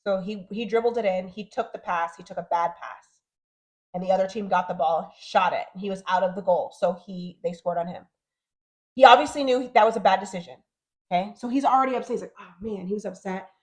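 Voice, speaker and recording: A woman in her thirties co-hosting a podcast, chatting casually and animatedly, often acting out what others said. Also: mid-range voice. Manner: animated, talks fast and acts out quotes. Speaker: podcast co-host. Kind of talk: casual chat.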